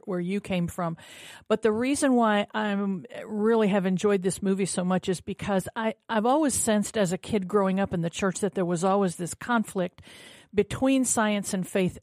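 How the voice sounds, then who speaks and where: Earnest woman co-host, halting speech. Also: medium pitch, a little mellow, no echo, clean studio sound. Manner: earnest, halting, many restarts. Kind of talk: talk show comment.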